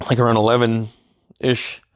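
A man's voice: medium pitch, level tone, a little slow. A man from Alaska telling a casual personal story, rambling and profane, often restarting his sentences and chuckling. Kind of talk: casual spoken anecdote.

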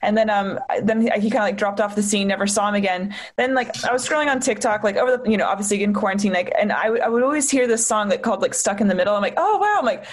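A young woman co-hosting a podcast, telling animated stories loaded with "like" and swearing. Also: medium pitch, racing, hardly any pauses. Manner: animated storytelling, lots of "like" and profanity. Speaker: podcast co-host, comedian. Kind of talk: casual podcast chat.

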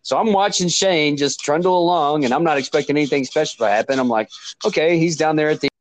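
A man's voice: fairly high pitch, quick pace, dry recording. A man chatting casually on a podcast, telling a family story. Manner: lively, chuckling storyteller.

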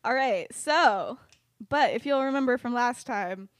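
A woman's voice: fairly high pitch, animated, measured pace, no echo. A young woman hosting a podcast, casually retelling a story in a rambling, giggly way full of "like"s and restarts. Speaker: podcast host.

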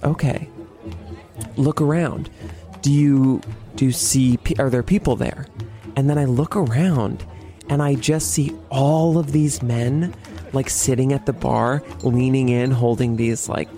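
Brief: young male host, casual storyteller, dramatic and expressive, faint music bed. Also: mid-range voice. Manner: animated, dramatic, swearing, laughing as he tells it. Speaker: podcast host.

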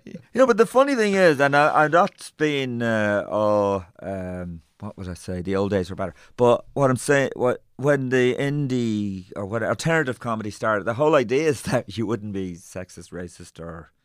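A man, a comedian hosting a casual chat, who talks in a lively way and laughs often. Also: lowish voice, moderate pace, smooth, dry recording, studio quality.

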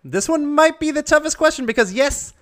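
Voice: high voice, fairly quick. A quiz game host reading questions and joking with contestants in an upbeat way. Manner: playful, jokey, animated.

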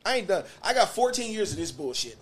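Animated, profane Detroit man telling stories. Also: high voice, fast talker, breathy edge. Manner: animated, profane, swings from loud to muttered. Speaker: podcast host, former bus driver. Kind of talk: casual storytelling chat.

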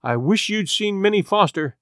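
A woman's voice: mid-range voice, lively intonation, moderate pace, a bit bright, no echo, studio quality, pitched above the performer's own voice, close to an everyday voice. A man reading aloud voices a grieving middle-aged farm wife who talks with impassioned, pleading urgency. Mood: wistful. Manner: impassioned, pleading, voice rising with feeling.

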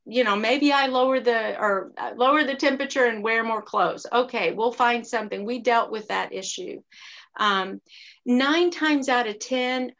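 A middle-aged woman speaks with a gravelly, slightly raised voice. She tells a story from her own life in an earnest, confessional way and reflects on it from a faith-minded angle. She sounds like a single mother talking plainly at home. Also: fairly high pitch, a bit bright. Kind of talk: candid personal storytelling.

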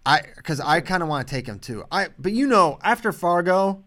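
A man co-hosting a podcast, chatting casually about wrestling picks with quick, animated banter. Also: high-pitched. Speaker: podcast co-host. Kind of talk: casual sports chat.

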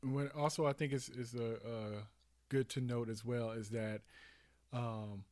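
A man co-hosting a casual podcast, talking in a rambling, animated way with many restarts. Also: medium pitch, unhurried, no echo. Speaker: podcast co-host. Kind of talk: casual chat.

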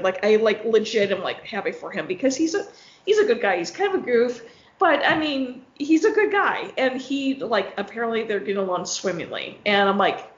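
Young woman rambling through a story w/ her friends, fillers everywhere, echoey dull sound. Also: mid-range voice. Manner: chatty storyteller, full of fillers and laughs. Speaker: podcast co-host. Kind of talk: casual chat among friends.

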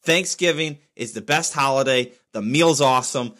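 A man's voice: mid-range voice, normal speed, pushed and bright. A man hosting his own podcast, rambling through sports and the news in a blunt, opinionated way. His voice sits in an ordinary middle register, and he works himself up into mock outrage before settling back down. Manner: blunt, opinionated, gets fired up. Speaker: podcast host. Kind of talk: casual solo podcast rant.

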